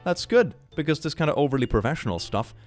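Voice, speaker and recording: A young man hosting a casual reaction video, reading posts and commenting with playful, animated energy and frequent laughter. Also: a little high, fast talker, soft background music.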